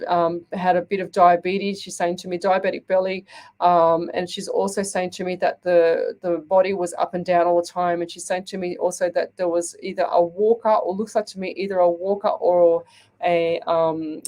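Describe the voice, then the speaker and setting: A woman's voice: lowish voice, little pitch movement, fairly quick, dark tone. An Australian woman hosting a live psychic reading show, chatting to listeners and often checking in with "okay?". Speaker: psychic medium radio host.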